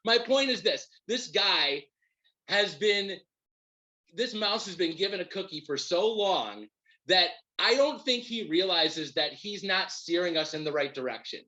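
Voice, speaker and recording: A man's voice: high-pitched, a little slow, highs cut off. Profane, heated male podcast host. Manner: profane, heated, animated rant. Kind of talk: ranting sports fan commentary.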